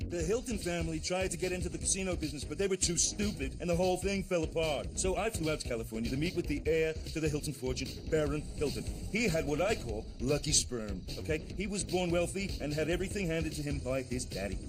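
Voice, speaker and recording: Man doing smug tycoon narration, bit high, music loud behind. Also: quick pace, lightly acted. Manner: bragging, crude. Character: boastful tycoon narrating his own book, man. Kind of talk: comic voice-over narration.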